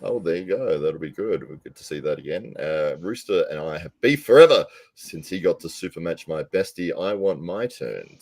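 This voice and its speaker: A man's voice: sits low, animated, normal speed, darkish tone. A man co-hosting a podcast, jokingly reading out viewer comments in casual chat. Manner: jokey, laughs often, reads comments aloud. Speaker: podcast co-host.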